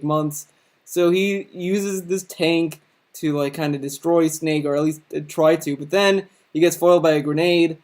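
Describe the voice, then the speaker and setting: A man's voice: fairly high pitch, a little mellow. Sarcastic man recapping a game. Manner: sarcastic, crude and irreverent. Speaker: video host. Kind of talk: comedic video-game recap.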